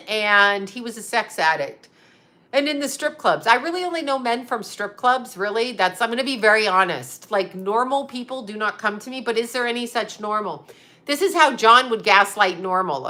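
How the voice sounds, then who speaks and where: A woman's voice: fairly high pitch, lively intonation, moderate pace, sharp tone. A woman in her fifties who hosts as a psychic and astrologer, chatting casually on a livestream, reading viewer comments, blunt and profane, laughing often. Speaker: psychic medium and astrologer host.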